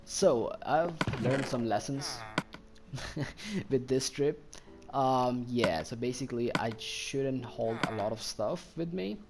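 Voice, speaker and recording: A man giving casual, excitable commentary while playing a game, easily delighted and chatting to the animals he meets. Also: mid-range voice, slow pace, vocal fry. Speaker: gaming channel host. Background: background music.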